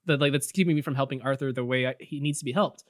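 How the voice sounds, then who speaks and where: A man's voice: medium pitch, steady tone, racing, no echo, studio quality, natural voice. A man voicing an anxious, kind young girl, talking hesitantly with lots of fillers. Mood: worried.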